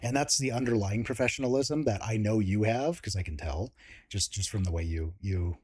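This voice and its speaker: A man's voice: on the low side, a little fast, darkish tone, slightly rough. A man hosting a casual interview, chatty and chuckling often between points. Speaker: host.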